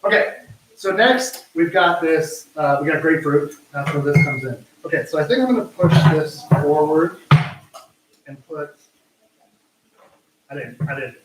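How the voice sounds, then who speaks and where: A man's voice: fairly high pitch, unhurried, pauses often, background noise. A man hosting a live cooking show from his home kitchen, chatting casually in a rambling, self-mocking way. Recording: echoey room, mic far off.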